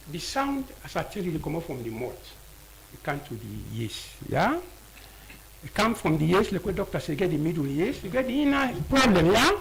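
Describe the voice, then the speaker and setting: A man's voice: high voice, gravelly, a little hiss or hum, poor audio. A man with a Sierra Leonean Krio accent, an audiologist explaining ear health as a guest in a radio studio, often repeating key words.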